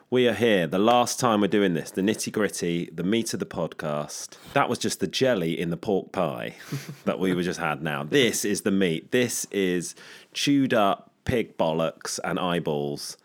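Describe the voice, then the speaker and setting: A man's voice: low voice, expressive, measured pace. A man hosting a casual football podcast, jokey and rambling, laughing often. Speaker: podcast host.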